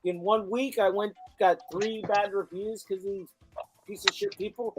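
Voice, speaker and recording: A man's voice: high voice, moderate pace, soft background music, rough recording. A man who works as a delivery driver, telling stories in casual chat and swearing often. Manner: animated storytelling, frequent swearing.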